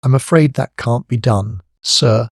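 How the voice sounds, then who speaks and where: A man voicing a shrewd middle-aged police superintendent who speaks in a measured, quietly firm way. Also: mid-range voice, gravelly, husky, no echo, studio quality. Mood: steady.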